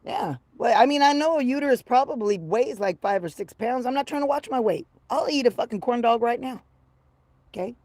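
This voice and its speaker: A woman in her fifties chatting casually on a livestream, brash and profane, rambling from low mutters to loud excited bursts. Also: fairly quick, dry recording. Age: 50s. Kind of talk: casual livestream chat with viewers.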